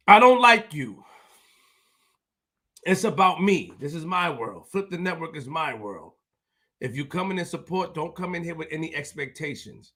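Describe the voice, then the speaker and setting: A male host talking to viewers on a livestream, repeating himself and swinging from low muttering to shouting. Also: lively intonation, normal speed. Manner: repetitive, emphatic. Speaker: show host.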